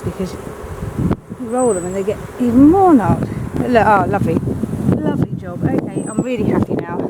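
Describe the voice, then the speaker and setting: A woman beekeeper chatting bluntly and coaxing her bees while she works on a hive outdoors in the wind. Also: medium pitch. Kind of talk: casual hands-on commentary while working. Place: outdoors at beehives on a windy day. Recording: loud wind and bee buzzing behind.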